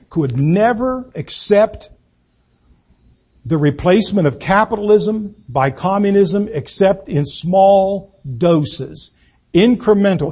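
A man delivers a political speech at a deliberate, unhurried pace. His voice sits high for a man and has a husky edge. He leans on repetition, saying key words again and again for emphasis. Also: a little mellow. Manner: slow, emphatic, repeats key words for effect. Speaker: political speaker.

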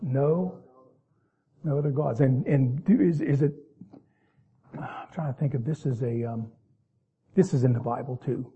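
Reading from the King James Bible, a preacher follows each passage with homespun explanations, at times stretching words slowly to stress them. He has a mellow, slightly rough, medium-pitched voice on a lo-fi recording.

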